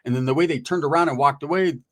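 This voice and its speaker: Streetwise man telling stories, higher voice. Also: quick pace. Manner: profane, streetwise, animated, acts out quoted voices. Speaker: guest recounting prison stories. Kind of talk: casual storytelling.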